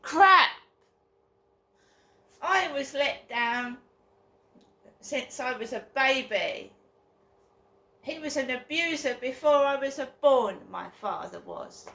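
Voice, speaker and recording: Woman vlogger, bitter venting monologue, slightly high voice, echoey room recording. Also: animated, takes it slowly, long pauses, a bit bright. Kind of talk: personal vlog monologue.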